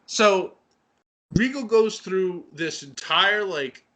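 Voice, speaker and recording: Excitable man co-hosting a wrestling podcast. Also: sits high, extremely slow. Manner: excitable, emotional storytelling. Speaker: podcast co-host. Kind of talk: casual chat.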